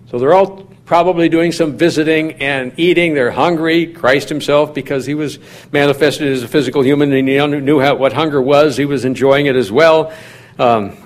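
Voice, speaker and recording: A man preaching a sermon in a measured, teaching manner, putting questions to his listeners. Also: mid-range voice. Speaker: pastor.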